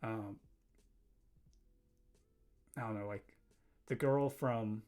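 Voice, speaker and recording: A man's voice: fairly low pitch, extremely slow. Rambling young man on a livestream. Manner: rambling, easily distracted, laughs often; bursts of loud excited exclamations. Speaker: livestreaming animator. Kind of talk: casual livestream chat while drawing.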